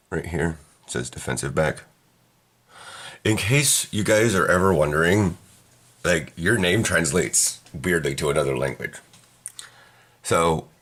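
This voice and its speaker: A man's voice: deep voice, a bit bright. A man chatting casually to camera in a vlog, rambling and often cutting himself off mid-sentence. He talks indoors, near a counter. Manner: rambling, chatty, self-interrupting. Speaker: vlogger.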